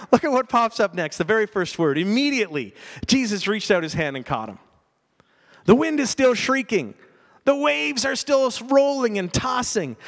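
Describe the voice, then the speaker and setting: A man preaching a sermon, telling a story with emphasis and putting direct questions to his listeners. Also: high-pitched. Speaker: pastor. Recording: long reverb of a large hall.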